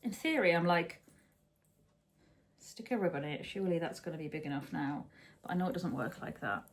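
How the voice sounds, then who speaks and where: This woman has a lowish voice and speaks with animation, a touch quickly. Chatting casually from home while hosting a knitting podcast, she rambles, restarts sentences and corrects herself along the way.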